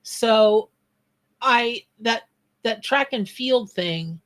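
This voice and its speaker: A woman's voice: on the high side, takes it slowly. A woman who reads tarot on a live stream. She chats in a loose, scattered way and breaks off mid-thought to greet viewers from the chat. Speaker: tarot reader and psychic. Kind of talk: live-stream reading with chat shout-outs.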